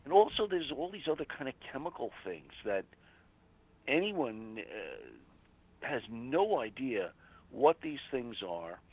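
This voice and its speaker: A man's voice: mid-range voice, big pitch swings, measured pace, darkish tone, a little hiss or hum, rough recording. A man who coordinates a local anti-drug alliance, talking earnestly as a radio guest, with many "you know"s and "uh"s. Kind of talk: casual radio interview.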